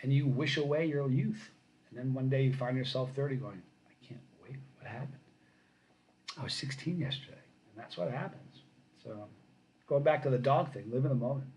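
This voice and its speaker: A middle-aged man hosting a casual live stream, reading viewer comments and telling lively stories that grow loud when he gets excited. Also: medium pitch, brisk, slight background noise, rough recording. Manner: animated storyteller, rising loud when excited.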